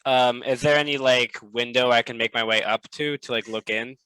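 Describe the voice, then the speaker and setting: A man's voice: medium pitch, steady tone, normal speed, pushed and bright, clear, resonant tone, dry recording, poor audio. A man playing a tabletop game with friends, eager and jokey in how he talks. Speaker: player.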